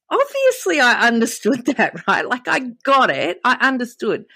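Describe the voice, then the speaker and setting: A woman's voice: on the high side, normal speed, vocal fry, hardly any pauses, no echo. Candid woman in her fifties. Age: 50s. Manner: candid, animated storytelling with quoted dialogue. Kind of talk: casual podcast conversation.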